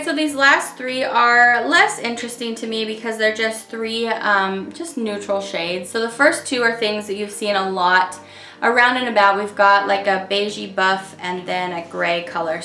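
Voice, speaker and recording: A woman's voice: medium pitch, pushed and bright, roomy sound. A woman talking casually and enthusiastically as she reviews nail polish shades, with chatty fillers.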